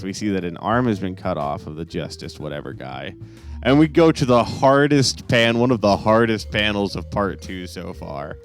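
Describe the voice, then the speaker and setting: Young man, very low voice, rambling, sarcastic asides, faint guitar music behind. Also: animated, moderate pace. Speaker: host. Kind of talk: casual chapter review podcast.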